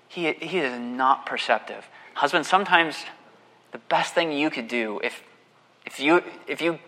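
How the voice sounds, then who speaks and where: A man preaching a sermon as a pastor, talking in an animated way and mocking the people in his story. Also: a little high, long reverb tail. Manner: animated, mocking voice for quoted husband.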